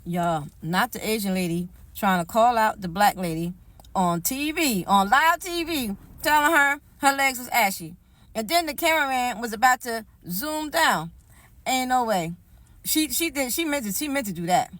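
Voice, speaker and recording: A woman's voice: fairly high pitch, animated, measured pace, a bit bright, dry recording. A woman giving casual reaction commentary, chatty and emphatic, repeating her points.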